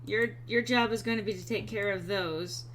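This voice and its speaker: A woman streamer chatting casually over gameplay, reading chat aloud, frank and quick to swear. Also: medium pitch, a bit bright, slight background noise.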